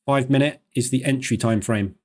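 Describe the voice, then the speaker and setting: A man hosting a live trading stream, talking fast in a chatty, loose way with plenty of fillers. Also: mid-range voice, a little mellow.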